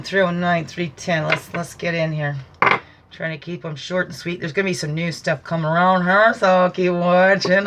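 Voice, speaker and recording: Bright-voiced woman giving a meandering spiritual talk. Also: fairly low pitch. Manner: meandering, reflective, musing asides. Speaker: host. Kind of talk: spiritual teaching monologue.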